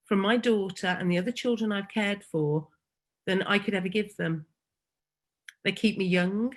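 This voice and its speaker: Woman, foster carer, unhurried, tender, pausing often, mid pitch. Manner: slow and emotional, pausing often. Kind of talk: heartfelt personal testimony.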